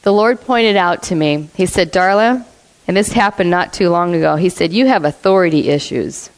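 A woman's voice: lowish voice, moderate pace, clear, resonant tone, low-quality recording. A woman preaching a sermon to a congregation. She asks the listeners questions, laughs often and acts out the voices in her stories. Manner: acts out quoted voices in a storytelling way.

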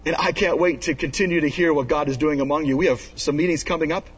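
A man's voice: fast talker, breathy edge, distant mic, low-quality recording. Emphatic man preaching a sermon. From Canada. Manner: emphatic, swings between loud high pleas and low hushed asides. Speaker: pastor.

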